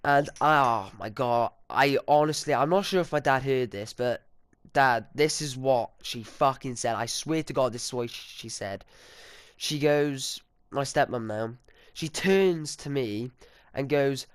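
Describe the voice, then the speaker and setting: A man's voice: medium pitch, measured pace, smooth, no echo, clean studio sound. A sixteen-year-old boy telling a rambling, indignant, sweary story to his viewers. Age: teens. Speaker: vlogger. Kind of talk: casual storytime.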